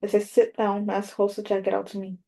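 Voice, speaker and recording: A woman narrates a first-person audiobook in a measured, even reading. Her voice is dark and mellow, and the melody stays flat from line to line. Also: medium pitch, gravelly.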